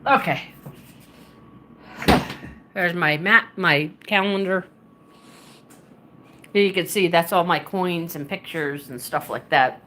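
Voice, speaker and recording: A woman's voice: lowish voice, slow pace, pauses often, sharp tone. A woman chatting casually on a live stream from her home, muttering to herself as she searches a map, talking into a handheld phone. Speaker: livestreamer. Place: at home, indoors.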